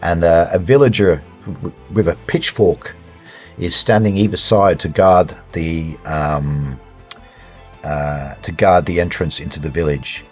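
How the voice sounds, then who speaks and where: A man with a very deep, husky voice narrates a horror role-playing game. He halts often and restarts his sentences. The recording is dull and lo-fi, with faint music behind him. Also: fairly even intonation. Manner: halting, full of fillers and restarts. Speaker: game master.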